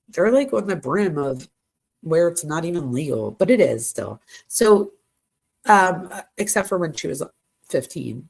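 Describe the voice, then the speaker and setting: A woman's voice: on the low side, creaky, a little mellow. A woman hosting a true crime channel, reading text messages aloud in a casual way, talking straight to her viewers and reacting as she goes. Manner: casual, addresses viewers directly, reacts to what she reads. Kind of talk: reading texts aloud with commentary.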